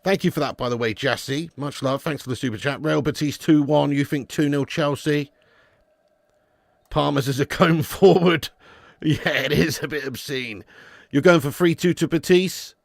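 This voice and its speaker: A man's voice: a little high, moderate pace, vocal fry, dry recording, studio quality. A young man hosting a live football watch-along, chatting casually and bantering with viewers. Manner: chatty, banter with viewers, jokey put-on accents.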